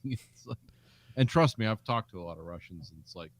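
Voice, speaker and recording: A man's voice: on the low side, brisk, no echo. Sarcastic guy riffing on a movie, voice swings up and down a lot, dry close sound. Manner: animated, sarcastic riffing with mock quotes. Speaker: podcast co-host. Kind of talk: casual film discussion.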